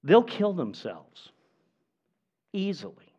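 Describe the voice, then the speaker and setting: Male pastor, fairly high voice, earnest emphatic sermon delivery, dull lo-fi recording. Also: huge pitch swings, warm tone, slightly rough. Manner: earnest, emphatic preaching with pauses.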